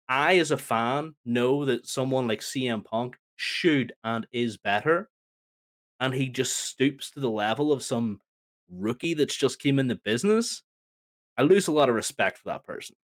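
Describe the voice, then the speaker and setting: A man co-hosting a wrestling podcast, ranting in an exasperated, mocking way. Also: medium pitch. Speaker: podcast co-host. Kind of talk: heated opinion rant.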